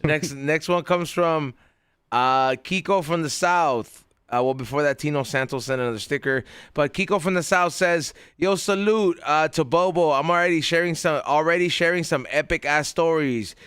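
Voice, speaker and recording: A man's voice: a little high, moderate pace, a bit bright, smooth, no room sound, studio quality. A man hosting a podcast, reading out viewer messages in a loose, joking way and swearing freely. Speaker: podcast host reading viewer super chats. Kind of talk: casual podcast chat.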